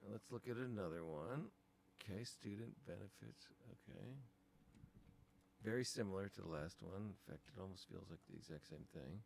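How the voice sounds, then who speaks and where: A man with a low voice talks through design files on his screen like an instructor giving feedback, trailing off into asides and filling pauses with ums. His casual walkthrough sits over a faint background hum from a desktop mic. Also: vocal fry, a little mellow. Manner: thinking aloud, many ums and trailing asides.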